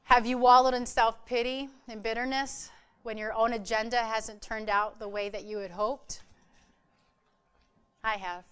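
A woman giving an informal church message, earnest and conversational, telling personal stories with fillers and soft laughs. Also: on the high side, level tone, measured pace, clear, resonant tone.

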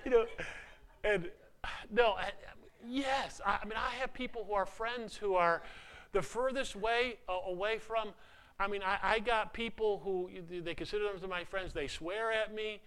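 High, bright-voiced male preacher. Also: normal speed, clean tone. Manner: conversational, self-deprecating preaching with many repeated starts. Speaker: pastor. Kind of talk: sermon.

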